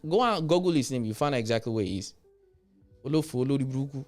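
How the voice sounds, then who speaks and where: A man's voice: medium pitch, animated, fast, a little mellow, faint music behind. A Nigerian man hosting a livestream, blunt and mocking, who slips into Yoruba as he comments. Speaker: livestream host.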